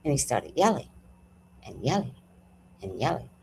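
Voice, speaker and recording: A woman's voice: a bass voice, moderate pace, vocal fry, slight background noise. A woman hosting a live talk, chatting casually and profanely, telling a personal story and acting out what people said. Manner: animated, profane, storytelling with acted-out quotes. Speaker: host. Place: at home.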